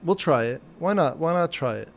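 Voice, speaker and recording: Gravelly man muttering while he codes. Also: a little high, animated. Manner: muttering to himself, halting and self-questioning. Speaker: programmer streaming live. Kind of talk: thinking aloud during a live coding stream.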